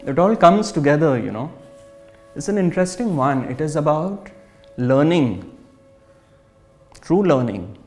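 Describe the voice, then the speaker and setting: A man giving a spiritual talk, telling jokes and anecdotes in a relaxed storytelling manner. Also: a little high, measured pace, long pauses, faint music behind. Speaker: spiritual speaker.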